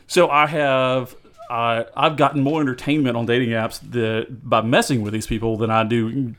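A man's voice: mid-range voice, steady tone, moderate pace, a bit bright. A man co-hosting a casual podcast, talking in a rambling way with restarts. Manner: rambling with frequent restarts and laughter. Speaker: podcast co-host.

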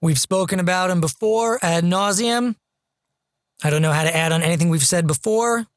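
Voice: medium pitch, moderate pace, no room sound. A podcast co-host chatting casually about favorite comedy performances, effusive and savoring each word. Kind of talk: casual film chat.

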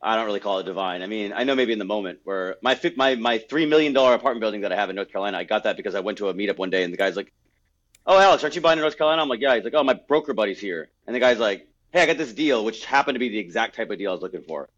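Fast-talking blunt man, dude-and-bro slang. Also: fairly low pitch, a bit bright, dull audio. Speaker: podcast host, entrepreneur. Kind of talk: casual podcast talk.

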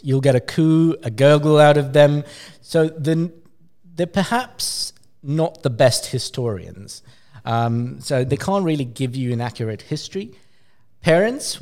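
A man, a pediatric clinician, explaining a research paper in a journal club discussion with lively emphasis and frequent fillers. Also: mid-range voice.

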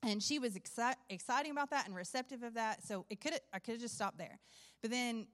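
A woman's voice: on the high side, fast talker, fairly bright tone. A woman giving a personal testimony in church, telling her story earnestly and acting out what was said. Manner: earnest storytelling, acts out quoted dialogue. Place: church sanctuary. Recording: long hall reverb.

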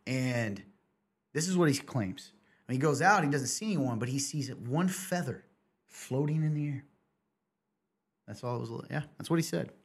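A husky-voiced man, host of a casual podcast, telling a story. He rambles and restarts his sentences, with a slightly breathy edge on his words. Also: mid-range voice, animated, moderate pace, pauses often.

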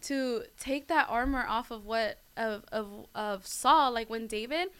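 A woman's voice: fairly high pitch, unhurried, a bit bright, clear, resonant tone. A young woman giving a casual devotional talk as host, chatty and full of fillers, often calling her listeners "guys". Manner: chatty, lots of fillers and "like", laughs at herself.

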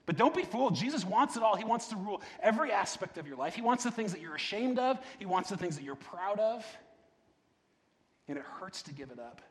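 A man's voice: high-pitched, big pitch swings, fairly quick. A man preaching a sermon in a conversational way, often checking in with the congregation. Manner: conversational, repeats "right?", restarts words. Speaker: pastor. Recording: long reverb of a large hall.

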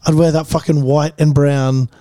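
A man's voice: a little high, flat delivery, normal speed, dark tone, no room sound, clean studio sound. A young Australian man co-hosting a podcast, chatting casually, swearing freely and telling stories with put-on voices. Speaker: podcast co-host. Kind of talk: casual chat.

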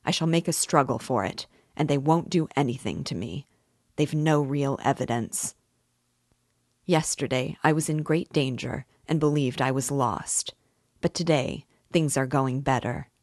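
A bitter, defiant young man who broods over every word, low and unhurried. A woman reader gives him voice in her own even reading tone, close to a dry mic. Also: no echo, exaggerated voice. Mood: grim insistent.

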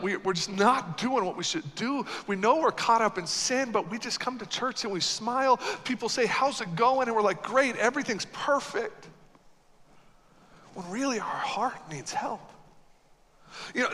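A man preaches in a church sanctuary, his voice high and bright. He swings between loud, emphatic exhortation and quiet, earnest lines, and a long hall reverb trails each phrase. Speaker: pastor. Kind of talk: sermon.

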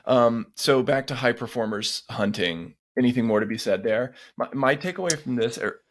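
A man's voice: medium pitch, moderate pace, slight background noise. A man with a mid-range voice tells stories with energy, voicing the people in them as he goes. His delivery is casual and chatty, in the style of a podcast co-host. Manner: animated storyteller who acts out quotes. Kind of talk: casual chat, storytelling.

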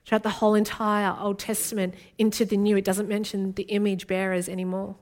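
A woman's voice: medium pitch, level tone, a little fast, darkish tone. A woman, from Australia, preaching an earnest and intimate sermon as a guest speaker.

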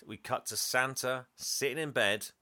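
A man recapping a film in casual comedic chat, laughing and acting out the lines in quick voices. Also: medium pitch, bright, forceful tone, no room sound, clean studio sound. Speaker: podcast host recapping a film.

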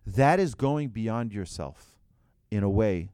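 Animated man preaching a story sermon. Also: lowish voice, slow, smooth, dry recording, clean studio sound. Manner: animated, acts out voices, restarts phrases. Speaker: rabbi.

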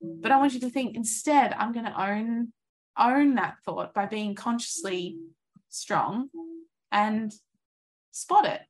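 Woman, thirties, life coach, earnest, encouraging, lively acted-out asides, slightly high voice. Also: takes it slowly, pauses often. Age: 30s. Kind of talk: motivational coaching talk.

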